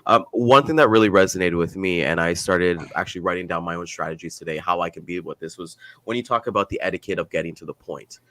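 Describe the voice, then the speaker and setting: Male host, very low, bright-edged voice; quick, eager, restarting questions. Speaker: podcast host. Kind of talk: casual podcast interview.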